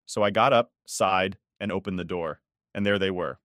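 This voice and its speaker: A man's voice: low voice, moderate pace, fairly bright tone, no echo, clean studio sound. A man in his forties narrating a first-person story in a weary, resentful way.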